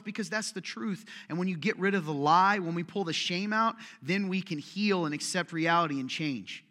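A man's voice: high voice, a little fast, few pauses, sharp tone. A man preaching a sermon to a congregation, talking casually, cracking jokes and firing pointed questions at the room. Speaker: pastor. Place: large church hall.

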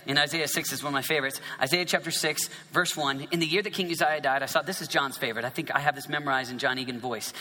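A man's voice: a little high, steady tone, fast, hardly any pauses, sharp tone. A man preaching a sermon, reading scripture dramatically with playful asides and sudden drops to a whisper. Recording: echoey hall reverb.

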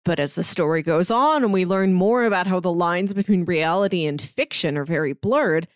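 A woman co-hosting a casual book discussion podcast, relaxed and often saying "like". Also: lowish voice, normal speed, dry recording, studio quality. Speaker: podcast co-host.

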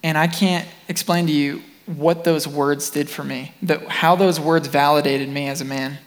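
A young man sharing a personal faith testimony alongside his wife, earnest and lively when he quotes himself. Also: on the high side, normal speed, big-room sound.

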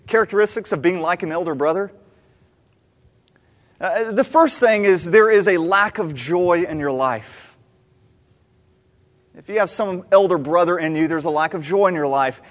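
A preacher from the American South delivers a sermon with a fairly high, expressive voice. He retells the story animatedly, repeating key phrases. The sound carries a long reverb from a big church sanctuary. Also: moderate pace, long pauses. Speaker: pastor. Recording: long reverb of a large hall.

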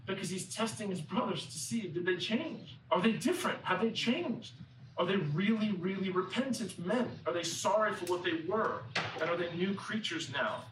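Guy preaching, kinda high voice, conversational storytelling, roomy and a bit far off the mic. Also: animated, moderate pace, noisy background. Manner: conversational storytelling, acts out quoted characters. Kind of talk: sermon.

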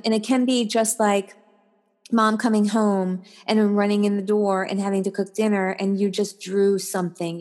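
A woman guest on a podcast interview, a life coach who tells stories with animation and acts out the voices in them. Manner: animated storyteller, acts out voices with big pitch jumps.

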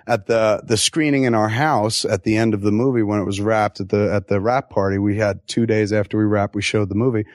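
A man answering audience questions at a live Q&A, telling stories in an animated, profane way with quick asides and acted-out quotes. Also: on the low side, no room sound, clean studio sound. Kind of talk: live Q&A storytelling.

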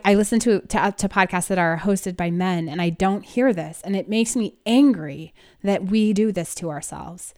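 Emphatic smooth-voiced woman podcast co-host. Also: medium pitch. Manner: animated, emphatic, laughs through frustration. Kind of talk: casual conversational podcast chat.

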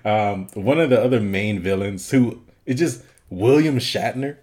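A man's voice: fairly low pitch, unhurried, a little mellow. A man co-hosting a movie podcast in casual chat, laughing often and telling scenes with animation. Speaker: podcast co-host.

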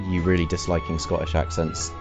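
Deep-voiced joking man. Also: little pitch movement, a little fast, music in the background. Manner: joking, laughs often, trails off quietly. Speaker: podcast co-host. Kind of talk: casual chat.

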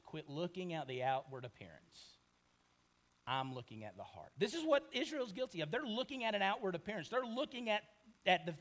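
High-voiced preacher swinging loud to hushed. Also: male voice. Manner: animated, swings from shouting to hushed, acts out quotes. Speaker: pastor. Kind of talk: sermon.

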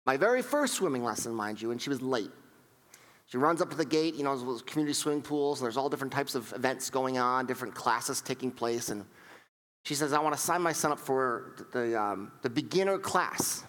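A man preaching a sermon, telling stories in an animated way and acting out what people said, often repeating and restarting his words. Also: medium pitch, a little fast, big-room sound. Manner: animated storytelling with acted-out quotes; frequent repetitions and restarts. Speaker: pastor.

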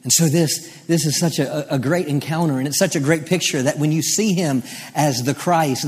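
A male pastor preaching a sermon, moving from quiet teaching to rising, emphatic delivery. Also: fairly high pitch, normal speed, breathy edge. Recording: long hall reverb.

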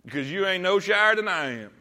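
A man's voice: high voice, animated, fairly quick, pushed and bright. A man preaching a sermon to a congregation in church, emphatic, with many rhetorical questions, calling his listeners to read along with him. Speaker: pastor. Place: church service.

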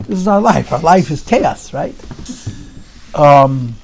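A man telling a Chassidic story to an audience in an animated, repetitive storytelling manner. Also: fairly high pitch, slow, creaky. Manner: animated storyteller, repeats phrases, drops into Yiddish.

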